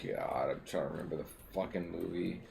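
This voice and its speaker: A man's voice: low voice, very animated, a little fast, creaky, a crowd in the background. A man streaming a game, chatting casually and rambling, with lots of swearing, fillers and restarts. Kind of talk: casual chat while gaming.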